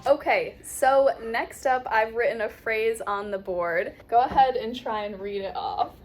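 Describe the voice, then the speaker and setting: A young woman with a General American accent teaching pronunciation in a classroom, drilling words patiently and spelling out letters slowly. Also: on the high side, over music. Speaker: accent coach. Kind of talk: pronunciation lesson. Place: classroom with a board.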